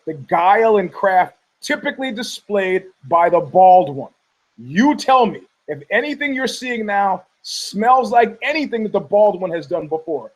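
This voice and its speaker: Heated, high-voiced male podcast host. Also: very animated, unhurried, rough recording. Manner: profane, heated, repetitive restarts. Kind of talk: rambling combative commentary.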